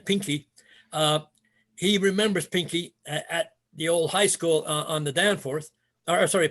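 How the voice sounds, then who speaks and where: A man's voice: a little high, fairly bright tone. An older man, a retired martial arts instructor, telling stories in a rambling casual way with many fillers and restarts. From Canada. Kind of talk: casual storytelling interview.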